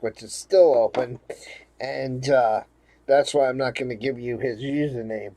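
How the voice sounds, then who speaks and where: A man's voice: a little high, no echo. A man from Rhode Island telling a rambling, profane story in a casual monologue to his viewers. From Rhode Island, USA. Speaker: vlogger.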